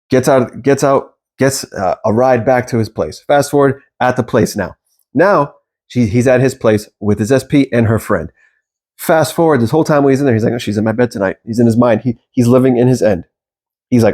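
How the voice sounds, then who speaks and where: Male coach, casual storytelling monologue, lively and profane, voices the quotes himself. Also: mid-range voice, fairly quick. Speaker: manifestation coach.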